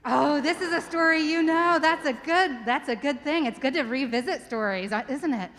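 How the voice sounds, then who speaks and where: A woman's voice: high voice, moderate pace, big-room sound. Woman telling a story in a church. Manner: lively, asks the listeners questions. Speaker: worship leader telling a children's story. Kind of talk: story for all ages told aloud to a congregation. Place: church sanctuary.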